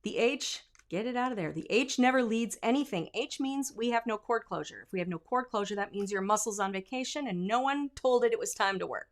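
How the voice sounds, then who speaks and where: A woman vocal coach giving a singing lesson, breaking into sung example lines and dropping to quiet asides. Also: a little high, animated, a little fast, few pauses. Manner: demonstrative, sings example lines; drops to asides and quiet comments.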